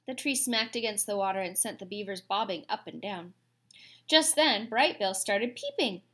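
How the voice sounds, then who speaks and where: A woman reading a children's novel aloud, telling the story in a clear, steady way. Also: mid-range voice, normal speed. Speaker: audiobook reader.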